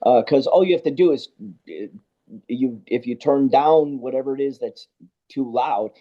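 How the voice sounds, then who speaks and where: A man, a guest sound engineer, telling stories in a casual interview, animated and acting out both sides of conversations. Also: medium pitch, moderate pace. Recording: dull lo-fi podcast audio.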